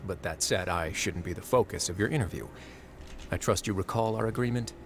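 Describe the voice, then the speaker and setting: A suave, composed fortress warden. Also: male voice, low voice, creaky, a little hiss or hum. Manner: suave, measured, teasing. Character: composed male fortress warden, dry wit.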